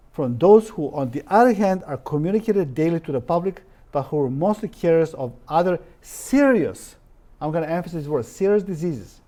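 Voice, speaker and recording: A man's voice: a little high, dark tone. Emphatic man lecturing from slides. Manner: reads quotes aloud, stresses words, drops articles. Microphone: live-stream recording.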